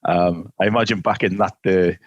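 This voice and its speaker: A man's voice: deep voice, fairly even intonation, moderate pace, no echo, highs cut off. A man co-hosting a casual film podcast, talking in a rambling, playful way with many restarts. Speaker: podcast co-host. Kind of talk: casual film review chat.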